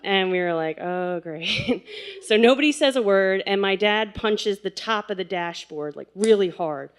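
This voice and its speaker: A woman's voice: mid-range voice, normal speed, smooth. Chatty young woman telling a story. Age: 20s. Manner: chatty, laughing, filler-heavy. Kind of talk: live storytelling at a story slam. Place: stage at a live event.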